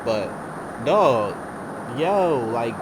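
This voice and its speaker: Slangy, excitable man playing a game. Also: medium pitch, extremely slow, very noisy. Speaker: gaming streamer. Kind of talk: casual let's-play commentary.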